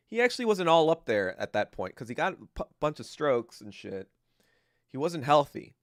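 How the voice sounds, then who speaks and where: A young man hosts a casual livestream, talking crudely and joking between rants. His voice sits a little high, and the sound is dry and close to the mic. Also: very animated, normal speed, no room sound. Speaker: podcast host.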